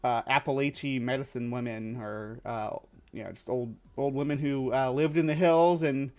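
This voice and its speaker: A male livestream host from the lower Midwest of the US, chatting casually and rambling with lots of fillers and restarts. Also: steady tone, moderate pace, darkish tone, faint music behind.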